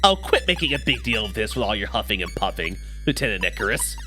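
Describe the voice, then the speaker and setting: A smug, petty space lieutenant needles in a dry, teasing tone, as a man reads her lines. The voice is bright and lively. Faint game music plays behind. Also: lowish voice, fast.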